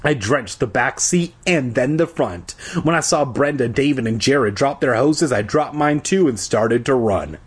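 A man's voice: unhurried, slightly rough. A man reading a children's book aloud in a comedic way, adding crude joking asides. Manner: lively, rises high for quoted lines. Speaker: reader.

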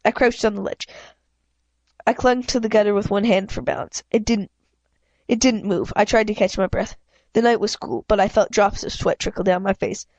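Reading a first-person children's novel aloud, this woman keeps stumbling and fixing her words. She has a mid-range, steady, slightly mellow voice, captured in a dry recording.

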